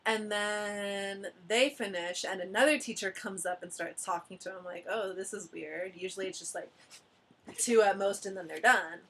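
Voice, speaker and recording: A woman's voice: mid-range voice, normal speed, a little hiss or hum. A woman in her twenties telling stories about teaching in a casual chat among friends, acting out quotes and laughing often. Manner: animated storyteller, acts out quotes, laughs often. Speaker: ALT teacher sharing stories.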